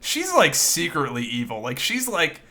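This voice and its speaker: Man, podcast co-host, bright forward voice, slightly high, profane, excitable chat. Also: moderate pace. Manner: profane, excitable, laughs often. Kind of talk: casual chat.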